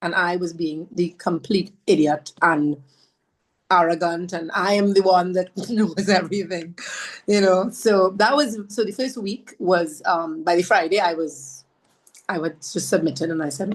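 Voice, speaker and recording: A woman from Trinidad, a podcast guest telling her story in an animated, self-mocking way. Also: on the low side, normal speed. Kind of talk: storytelling conversation.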